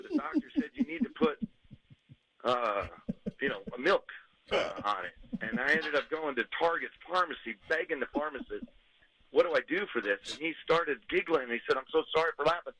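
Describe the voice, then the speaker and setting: Male caller, bright forceful voice, rambling sheepish storyteller on a phone line. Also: mid-range voice, big pitch swings, normal speed. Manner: sheepish, rambling, laughs at himself. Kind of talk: telling a story on air.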